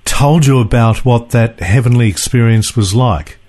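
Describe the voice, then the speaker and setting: A man's voice: medium pitch, moderate pace, a little mellow. A man hosting a broadcast interview, asking short prompting questions. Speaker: interview host.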